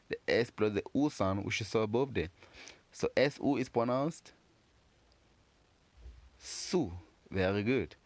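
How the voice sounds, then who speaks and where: A man giving a patient pronunciation lesson, slowly repeating words and encouraging learners. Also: lowish voice, no room sound. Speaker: French teacher.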